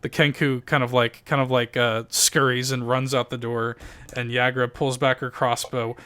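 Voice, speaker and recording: A man's voice: medium pitch, flat delivery, moderate pace, bright, forceful tone, smooth. A man narrating a tabletop role-playing game as game master, in a loose, chatty way full of fillers.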